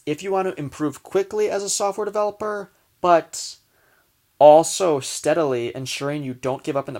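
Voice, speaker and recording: A man hosting a daily show, giving rambling, animated advice and acting out frustrated inner voices. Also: mid-range voice, vocal fry. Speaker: host. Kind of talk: casual advice talk.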